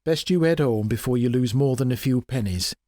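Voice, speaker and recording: A man's voice: mid-range voice, brisk, dark tone, no echo, clean studio sound, natural voice. A man voicing a shrewd, sly old woman who talks in a folksy, blunt, knowing way. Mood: gruff kindly. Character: shrewd old woman, sly, tough-talking, feigns frailty.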